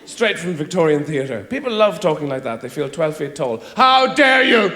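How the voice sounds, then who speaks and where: Recorded live in a spacious venue, an Irish comedian rambles through his stand-up set at normal speed. His fairly high voice is expressive, dropping into muttered asides and then erupting into loud mocking quotes.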